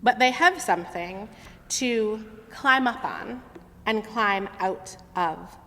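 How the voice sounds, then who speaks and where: A woman leading a worship service, telling a story in an expressive storyteller's manner. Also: mid-range voice, takes it slowly. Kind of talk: sermon storytelling. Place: large sanctuary. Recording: long hall reverb.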